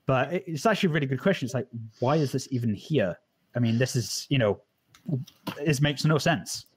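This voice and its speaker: A man running a fantasy tabletop game, describing scenes and calling for rolls in a relaxed, loose way. His voice sits at an ordinary middle pitch, and he often stops and restarts his sentences as he goes. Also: a little fast, husky. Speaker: dungeon master. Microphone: home mic on a live stream.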